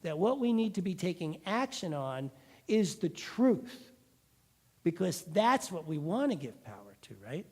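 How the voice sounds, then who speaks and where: High-voiced man preaching with animated storytelling. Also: unhurried, husky. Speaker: pastor. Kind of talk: sermon.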